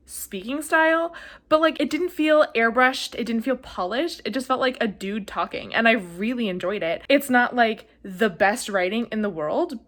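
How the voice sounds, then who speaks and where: A woman's voice: medium pitch, a bit bright. A woman reviewing books in a casual vlog, chatty and gushing, with lots of "like" fillers, getting emotional to the point of near tears. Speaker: book reviewer. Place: at home, leaning on a blanket.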